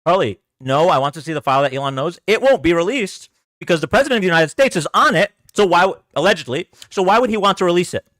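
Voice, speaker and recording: High, animated man ranting to chat. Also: quick pace, no echo, studio quality. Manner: exasperated, sarcastic, repeats himself. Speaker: political livestream host. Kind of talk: casual livestream commentary to chat.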